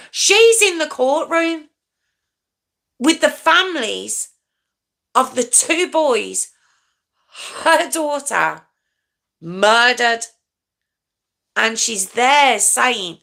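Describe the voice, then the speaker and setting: A woman's voice: sits high, very animated, slow, gravelly, sharp tone. A woman hosting a true crime channel, telling the story in a chatty, frank way with lots of fillers.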